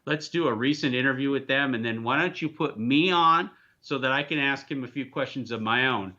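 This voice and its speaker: A man's voice: mid-range voice, brisk, sharp tone, dull audio. A man hosting a casual livestream, rambling and joking as he reads viewer comments. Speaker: livestream host.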